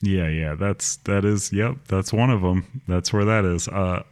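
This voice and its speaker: A man's voice: deep voice, measured pace, a little mellow. A man co-hosting a podcast in casual chat, laid-back and dry, playing along with jokes. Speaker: podcast co-host.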